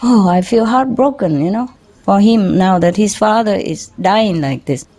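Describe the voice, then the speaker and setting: A woman, a spiritual teacher telling a personal story to an audience, halting and informal, often laughing softly. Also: medium pitch. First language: Vietnamese.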